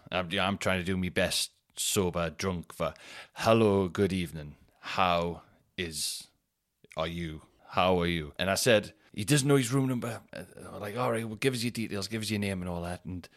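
Low-voiced man telling a rambling story. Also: a bit bright. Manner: rambling storyteller, quick restarts, acts out quotes. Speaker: podcast host. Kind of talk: casual anecdote telling.

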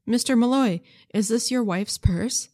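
A woman voicing an older church usher, proper and gently inquiring, read aloud from a book. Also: on the high side, a little slow, voice pushed up. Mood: polite inquiring.

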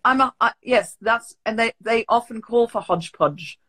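A woman hosting a podcast interview, chatting casually, hesitant and quick to laugh. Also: on the high side, fairly bright tone, slightly rough. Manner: hesitant, restarts often, laughs easily. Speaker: podcast host.

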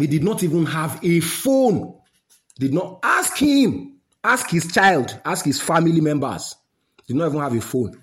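A man with a Nigerian accent delivering a heated, repetitive monologue to his listeners, slipping into pidgin and Yoruba. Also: on the high side. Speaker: website founder addressing listeners.

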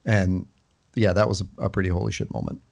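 A man's voice: deep voice, flat delivery, fast talker, creaky, darkish tone. A man co-hosting a casual chat, enthusiastic but hesitant, with many restarts. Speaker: podcast co-host. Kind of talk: casual chat about a book series.

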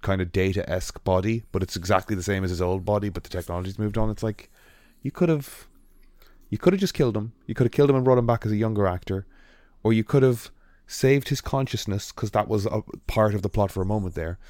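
Man, low voice, casual podcast chat, rambling, dry close mic. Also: a little fast, darkish tone, no room sound. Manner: rambling, frequent ums and restarts. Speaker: podcast co-host.

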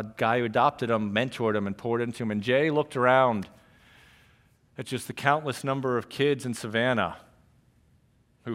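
A middle-aged male pastor from New York, preaching a sermon as a story, dropping to a hush and then rising loud again. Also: medium pitch.

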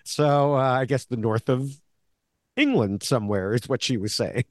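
A podcast co-host who has analyzed the show for years chats casually through episode recaps, restarting often and using lots of fillers. His mid-range voice moves at normal speed, and the audio is studio quality with no echo.

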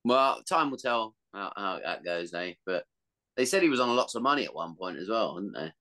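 A man co-hosting a football podcast, chatting casually and expressively, with some swearing. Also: moderate pace. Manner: expressive, swearing, swings up and down in pitch. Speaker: podcast co-host.

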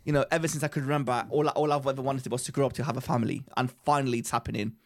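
A young man co-hosting a podcast, an excitable storyteller who laughs often while chatting casually. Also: mid-range voice, racing. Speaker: podcast co-host. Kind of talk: casual chat.

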